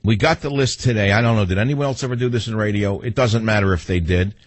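A man's voice: lowish voice, fast talker, no echo. A man with a New York accent hosting a talk radio show in a combative, sarcastic monologue.

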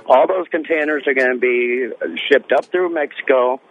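A man's voice: medium pitch, moderate pace. A man calling in to a radio show, talking plainly and hesitantly about his worries. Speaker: caller, long-haul truck driver. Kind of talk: call-in radio talk. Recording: tinny phone line.

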